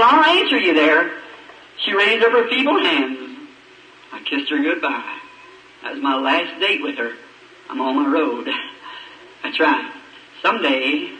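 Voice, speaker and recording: Man, preacher, emotional pleading sermon, bright tense voice, echoey old recording, far from the mic. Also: high-pitched, a little hiss or hum. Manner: emotional, pleading, voice rising and breaking. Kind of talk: sermon testimony.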